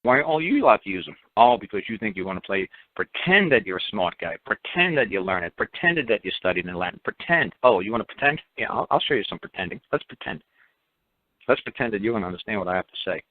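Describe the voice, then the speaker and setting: A man hosting a radio talk show, blunt and animated, mocking others in put-on quotes. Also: fairly low pitch, fast, no echo. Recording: tinny phone-like dry audio.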